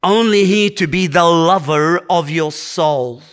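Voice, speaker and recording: A man's voice: fairly high pitch, slow pace, fairly bright tone, clean tone. A man preaching a sermon to a congregation, earnest and exhorting, driving his points home with short repeated commands.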